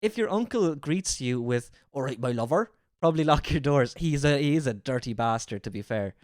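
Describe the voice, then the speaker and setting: A man's voice: fairly high pitch, expressive, a little fast, a little mellow, dry recording, clean studio sound. A man streaming a reaction to a video, riffing with incredulous, swearing commentary.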